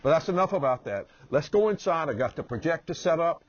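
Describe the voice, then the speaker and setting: A man with a Southern US accent who talks slowly and easily as a humorist and motivational speaker, introducing himself with anecdotes. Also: a little high, lively intonation, no room sound, lo-fi sound. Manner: slow, drawling delivery. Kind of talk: promotional self-introduction with anecdotes.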